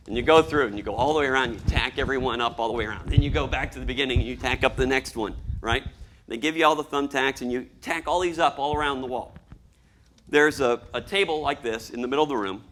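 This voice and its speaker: A man giving a lively talk to an audience as a storyboard artist, acting out scenes as he explains them. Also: medium pitch, a little hiss or hum. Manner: animated, acts out scenes and voices.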